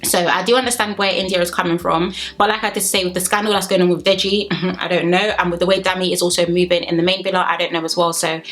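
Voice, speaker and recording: Woman vlogger, lowish voice, quick sassy delivery, reviewing a TV episode for her viewers. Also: steady tone, a bit bright. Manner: sassy, opinionated, talks straight to viewers. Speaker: reality TV reviewer. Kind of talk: casual episode review vlog.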